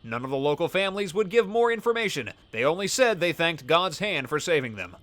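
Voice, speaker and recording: Chatty bright-voiced gaming commentator man. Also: fairly high pitch, sing-song, a little fast. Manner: chatty, reads scan texts aloud. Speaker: let's play host. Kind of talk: gameplay commentary.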